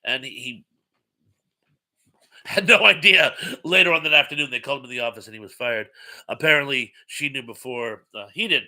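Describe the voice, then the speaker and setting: A man's voice: mid-range voice, brisk, sharp tone. A man hosting a casual live stream chat, reading viewer comments aloud in a chatty, rambling way with many filler sounds.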